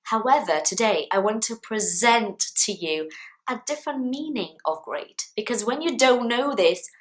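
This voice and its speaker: A woman teaching English vocabulary to camera in a clear, deliberate way, with playful example sentences. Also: a little high, animated.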